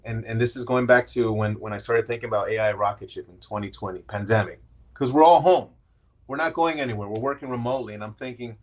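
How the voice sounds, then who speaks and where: A middle-aged man, a podcast guest, talking candidly in a casual interview and often restarting his sentences as he tells his story. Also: medium pitch.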